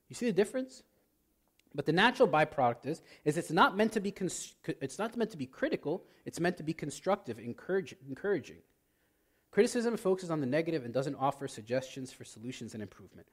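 Priest preaching, lively up-and-down voice, acts out little fights, kinda high for a guy. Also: quick pace. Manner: animated, acts out quarrels in quoted voices. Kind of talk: sermon.

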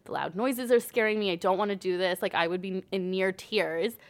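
A woman's voice: medium pitch, fairly quick. Young woman, podcast guest, casual storytelling, constant "like", acts out quotes. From Canada. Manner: chatty, says "like" constantly, acts out quoted dialogue.

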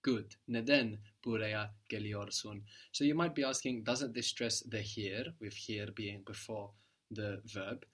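Male language tutor, low voice, patient, asks questions and praises briefly. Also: steady tone, unhurried, a bit bright. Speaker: language teacher. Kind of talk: guided language lesson.

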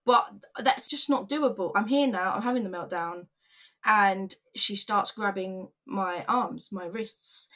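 A woman's voice: medium pitch, a little slow, fairly bright tone. A young woman, earnestly retelling a hard personal story in a vlog. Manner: candid, earnest, emotional retelling with quoted voices.

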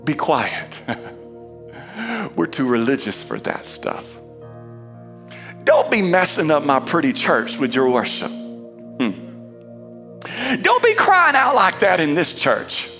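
A preacher acting out scornful, self-righteous churchgoers who scold a man for shouting. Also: medium pitch, huge pitch swings, slow pace, vocal fry, long pauses, over music, pitched below the performer's own voice, full character voice. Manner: scornful, mocking.

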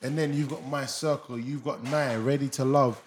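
A man, a guest on a podcast, teasing friends and arguing in lively banter. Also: mid-range voice, normal speed, slight background noise. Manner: teasing, animated. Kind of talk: casual banter.

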